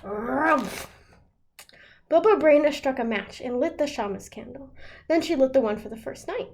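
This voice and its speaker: Animated woman reading aloud. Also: high-pitched, a little fast. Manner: expressive, animated storytelling. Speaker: children's librarian. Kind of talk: picture book read-aloud. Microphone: video call.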